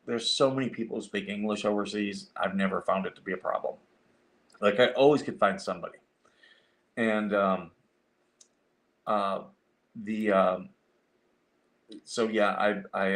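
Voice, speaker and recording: A man's voice: lowish voice, normal speed, long pauses, a bit bright. A man hosting a casual chat show, telling a rambling story with lots of fillers and restarts. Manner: rambling, many fillers and restarts, acts out quoted voices. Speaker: show host.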